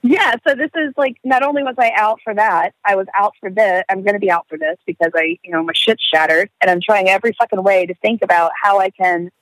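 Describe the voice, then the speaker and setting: Young woman, casual storyteller, expressive, swears, dry sound. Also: mid-range voice, fairly quick, few pauses, dry recording, poor audio. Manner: animated storyteller, swearing, laughing, acting out quotes. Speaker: guest telling a story. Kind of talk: casual podcast chat.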